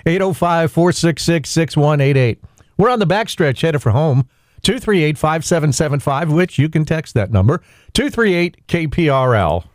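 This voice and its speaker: A male local radio host with a voice a little higher than most men's. He runs through the weather, sponsor messages and phone numbers in a brisk, matter-of-fact way. The studio sound is dry and close. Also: expressive, no room sound. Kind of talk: local morning radio hosting.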